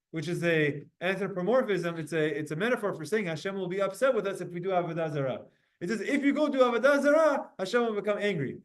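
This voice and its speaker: Guy teaching a talmud class, pretty high voice, stretches out the hebrew words slow. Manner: animated, drawn-out recitation of Hebrew phrases.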